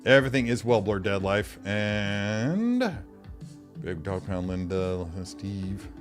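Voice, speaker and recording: A man's voice: on the low side, sing-song, slow pace, faint music behind. A middle-aged man hosting a live stream, chatting casually, rambling and answering viewers' comments.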